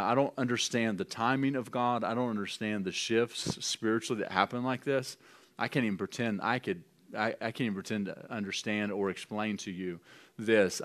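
A man pastor preaching in a loose, conversational way to his church family, with halting restarts and light laughs. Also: on the low side. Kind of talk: informal charismatic preaching and prophecy. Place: church gathering.

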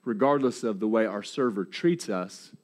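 A man's voice: on the low side, normal speed, a little mellow. A man preaching in a loose, conversational way, telling a personal story with frequent restarts and light laughter. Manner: conversational, repeats words and restarts often, laughs along. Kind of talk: sermon storytelling.

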